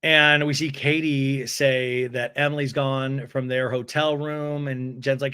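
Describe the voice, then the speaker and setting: A man's voice: a little slow, hardly any pauses, clear, resonant tone. A male podcast host recapping a reality show in a comedic, casual way, with crude jokes and mocking voices for the people he quotes. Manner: animated, acts out quotes in high mocking voices; crude, joking asides.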